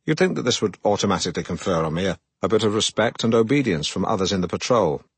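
An actor playing a pompous, self-regarding middle-aged broadcaster who narrates his own memoir in a deadpan way. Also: on the low side, fast talker, breathy edge, no echo. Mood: self-important. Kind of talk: comic audiobook narration.

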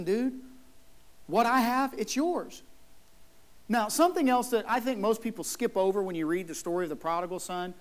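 A man preaching a sermon as a pastor in a church, emphatic, acting out the people in his story. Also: high voice. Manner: emphatic, acts out the whining brother.

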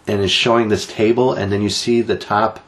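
This man co-hosts a casual talk show, reading out odd news stories and teasing his co-host in jokey, animated banter. His voice is fairly low and he talks fairly quickly.

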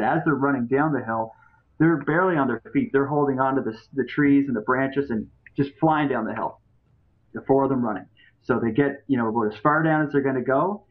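Male podcast guest, rambling storyteller with fillers, tinny phone-like audio. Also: medium pitch. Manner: rambling, many fillers and restarts. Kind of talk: casual storytelling.

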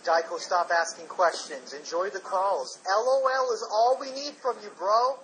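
A man's voice: high voice, moderate pace, noisy background. A man making a prank phone call, talking in a mock-formal, baiting and condescending way. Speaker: prank caller.

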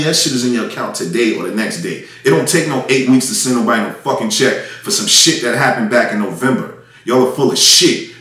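A man's voice: mid-range voice, a bit bright. A man, an independent music artist, delivering an angry, profane rant that circles back on itself again and again. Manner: profane, heated, repetitive. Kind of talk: angry ranting monologue. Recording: echoey room, mic at a distance.

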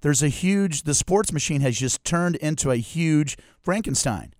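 A man's voice: a little high, animated, a little mellow, no echo, studio quality. Jokey male sports radio host. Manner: jokey, rambling, quick to laugh. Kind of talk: casual sports talk radio. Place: radio studio. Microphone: studio microphone.

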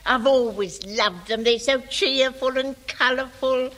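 An actress playing a fussy, sentimental older landlady in a radio sitcom, speaking in a slow, genteel way. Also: high voice, a bit bright. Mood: delighted.

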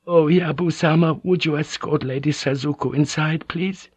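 A man's voice: on the high side, fairly even intonation, normal speed, darkish tone, husky, dry recording, voice pushed up. A man reading an audiobook, voicing a frightened, tearful court lady who sounds anxious and pleading. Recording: dull, dry audiobook tape.

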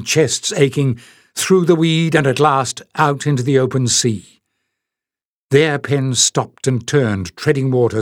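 A man reading a fantasy novel aloud in a measured, expressive audiobook narration. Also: mid-range voice, no echo, clean studio sound.

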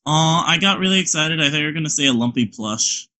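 Man, playful co-host, notably high voice, easygoing banter over a call. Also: animated, fast talker, bright, forceful tone, low-quality recording. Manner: playful, joking along. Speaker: podcast co-host. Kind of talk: casual chat over a call.

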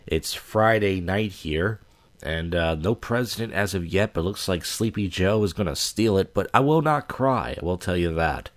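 A man's voice: sits low, normal speed. A man hosting a podcast, talking casually in a rambling, crude and blunt way as he introduces clips. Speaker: podcast host.

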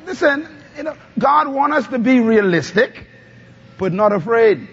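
A man's voice: very high voice, lively intonation, measured pace, a bit bright, husky. A male pastor preaching a sermon, calling on the congregation to answer back. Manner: call-and-response preaching, asks the congregation to answer. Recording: dull lo-fi sound.

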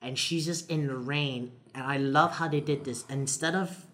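A man with an ordinary mid-range voice is chatting casually on a podcast. He retells an anime episode with lively energy. He acts out the characters' lines as he goes. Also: mid-range voice, moderate pace. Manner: animated retelling, acting out quotes. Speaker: podcast co-host. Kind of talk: casual anime recap chat.

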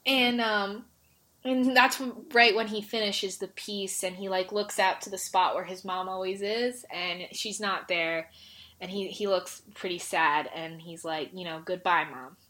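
A woman's voice: mid-range voice, steady tone, a little slow, pushed and bright. A woman co-hosting a casual podcast, gushing emotionally about a series with lots of "like" fillers. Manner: emotional, gushing, heavy use of "like". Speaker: podcast co-host. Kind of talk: casual recap chat.

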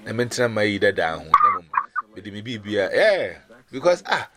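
A man with a Ghanaian accent giving a personal testimony over a video call, telling it with lively storytelling and his pitch leaping up and down. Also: fairly quick, very noisy.

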